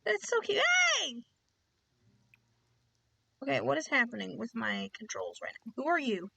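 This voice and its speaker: A woman streaming video games in casual commentary, playfully cooing at in-game animals in a high baby voice. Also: very animated, brisk, creaky, pushed and bright, breathy edge, no room sound.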